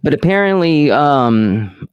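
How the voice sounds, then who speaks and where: A man of middle pitch hosts a casual podcast, telling stories in a slow, rambling way and swearing freely. His voice sits close and dry on the mic. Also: very animated, smooth, dry recording, dull audio. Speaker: podcast host.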